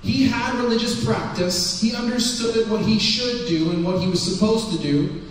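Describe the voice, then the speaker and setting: A man's voice: high-pitched, moderate pace, heavy reverb, long reverb tail, distant mic, low-quality recording. A man preaching a sermon, telling the story in a casual, conversational way. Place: church sanctuary.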